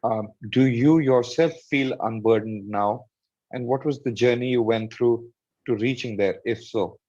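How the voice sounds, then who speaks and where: A man's voice: mid-range voice, a little slow, mellow. Polite male host on muffled audio. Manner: polite, hesitant, with fillers. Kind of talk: hosting a Q&A.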